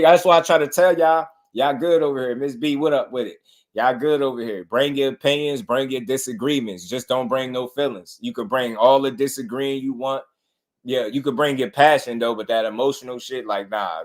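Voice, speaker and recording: A man hosting a casual boxing livestream, talking in a laid-back, slangy way and greeting viewers in the chat by name. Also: mid-range voice.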